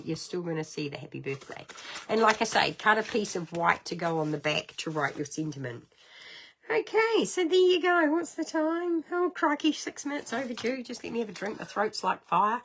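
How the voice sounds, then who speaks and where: A middle-aged woman with a New Zealand accent hosting a casual card-making livestream, chatty and rambling, with sudden high exclamations. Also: gravelly, a bit bright, a little hiss or hum. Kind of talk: casual craft livestream chat.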